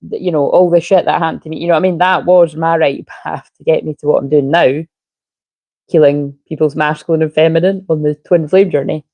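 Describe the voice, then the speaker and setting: A woman's voice: low-pitched, mellow, no room sound. A woman giving a casual, rambling tarot reading, drifting off topic and swearing now and then. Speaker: tarot reader.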